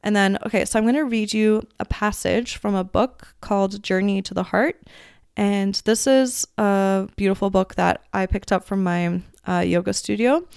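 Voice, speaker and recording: A woman's voice: mid-range voice, steady tone, normal speed, creaky, smooth, no room sound. A woman hosting her own podcast, talking casually and effusively with lots of fillers. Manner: chatty, effusive, many fillers like "um" and "like". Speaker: podcast host. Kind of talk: casual solo podcast talk. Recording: dry close recording, soft music behind.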